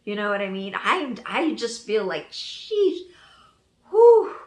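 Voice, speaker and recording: A woman giving an excited reaction review of a TV episode, gushing and thinking out loud as she goes. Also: mid-range voice, moderate pace, reverberant.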